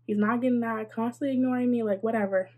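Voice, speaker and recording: A woman's voice: a little high, fairly even intonation, quick pace, darkish tone. A young adult woman telling a casual storytime, chatty and sarcastic, with lots of "like" and wry asides. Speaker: vlogger.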